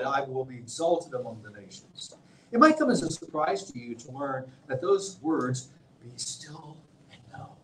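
Emphatic preacher in a roomy church. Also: male voice, mid-range voice, slight background noise. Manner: emphatic preaching with big swings in loudness. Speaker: visiting pastor. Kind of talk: sermon. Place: church sanctuary.

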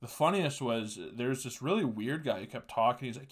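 A man's voice: medium pitch, animated, fairly quick. A man hosting a solo podcast, ranting casually and crudely with lots of swearing and laughing asides. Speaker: podcast host.

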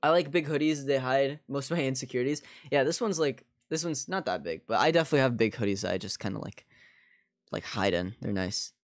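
The sound is clean and studio-like with no echo as a man with a mid-range voice talks fairly quickly. While streaming a game he chats casually with viewers, rambling on and using "like" over and over.

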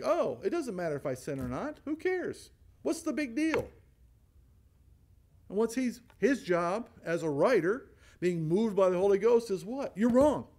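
A man pastor leading a Bible study, asking the group questions and answering them himself, laughing now and then. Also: sits high. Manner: animated, asks rhetorical questions and answers them; acts out voices in quotes, laughs often.

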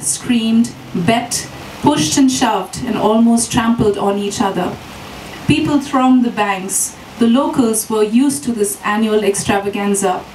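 A woman author reads her novel in a measured way and grows hesitant when she speaks off the page. Her voice sits at a middle pitch. She is captured from a distance in a reverberant bookstore with faint ambient hum. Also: a little mellow. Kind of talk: reading aloud from her novel, then explaining. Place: bookstore event. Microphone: distant mic. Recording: echoey room from far off.

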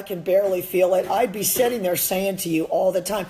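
A woman's voice: medium pitch, fairly quick, gravelly, mellow, rough recording. A woman with a Midwestern accent, an e-collar dog trainer giving a blunt, emphatic live-stream rant and swearing freely. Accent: Midwestern American.

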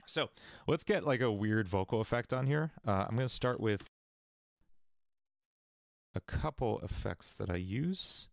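A man hosting a casual music production livestream from a home studio, thinking aloud in a relaxed, rambling way. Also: lowish voice, unhurried, creaky, pauses often, dry recording.

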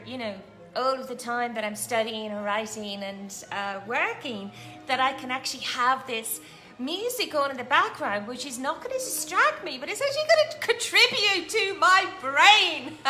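Bubbly bright-voiced woman host. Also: a little high. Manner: bubbly, effusive and gushing; chatty, with many fillers and asides. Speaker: host of a weekly live coaching show. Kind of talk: casual live-stream chat. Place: at home.

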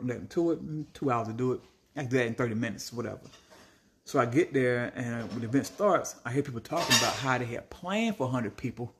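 Exasperated man ranting about customers. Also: slight background noise. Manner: exasperated, animated ranting with sudden high-pitched outbursts. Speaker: Italian ice vendor. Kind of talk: ranting storytime vlog.

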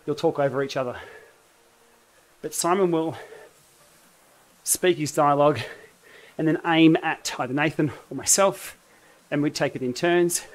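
A man with an Australian accent chatting casually on a livestream while riding an indoor trainer, rambling with wry asides. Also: a little high. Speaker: cycling YouTuber host.

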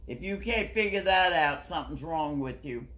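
A woman's voice: deep voice, animated, moderate pace, fairly bright tone. An older woman with a Southern US accent, a grandmother chatting on a live stream in a plain-spoken, lecturing way. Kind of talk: casual chat.

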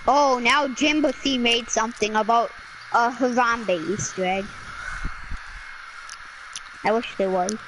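A woman streaming a game in casual chat, excitable and melodramatic, breaking into sudden shouts. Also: fairly high pitch, a little slow, pauses often, background noise. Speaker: gaming streamer.

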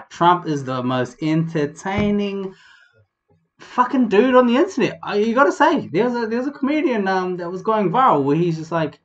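A young man from New Zealand with a New Zealand accent, hosting a casual comedic vlog in a rambling, profane, animated way. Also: high-pitched, normal speed, dull audio. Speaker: vlog host.

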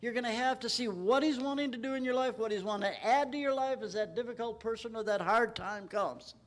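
A man preaching at a Bible study in a church, emphatic and rising in pitch when he quotes scripture. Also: fairly quick. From Texas. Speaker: pastor.

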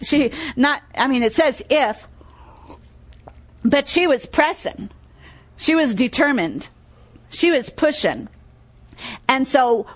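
A woman preaching a sermon in a high, bright-sounding voice. She drives her points home by repeating key phrases. She stops to quiz her listeners before going on with the reading. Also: very animated, slow, pauses often. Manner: tells stories and reads scripture aloud.

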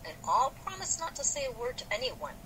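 A woman's voice: fairly high pitch, sing-song, brisk, noisy background, pitched above the performer's own voice. A woman reading aloud as a spirited young woman who pleads with an elder. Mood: pleading. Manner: reads aloud from a novel.

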